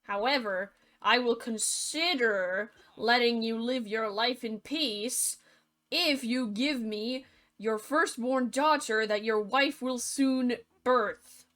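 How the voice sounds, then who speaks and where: A woman's voice: fairly high pitch, slow pace, fairly bright tone. A woman voicing a haughty female witch in a comedic storybook retelling, speaking in a snooty, theatrical way. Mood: stern.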